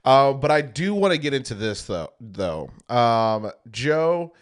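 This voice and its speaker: A man's voice: medium pitch, big pitch swings, takes it slowly. A young man co-hosting a podcast in casual chat, rambling with lots of fillers. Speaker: podcast co-host.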